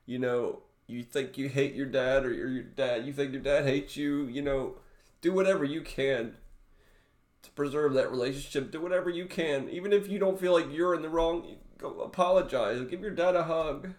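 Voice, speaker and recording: A man talking straight to his viewers in an emotional personal vlog, his voice close to tears and breaking into halting restarts. His pitch sits in an ordinary middle range. The sound carries a noticeable room echo. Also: a little mellow. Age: adult father. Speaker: vlogger.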